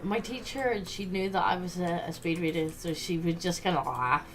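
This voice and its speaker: A woman's voice: fairly low pitch, animated, normal speed, a bit bright, slight background noise. A woman chatting casually while gaming, telling stories and acting out the voices in them. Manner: chatty storyteller, acts out voices. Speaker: podcast host.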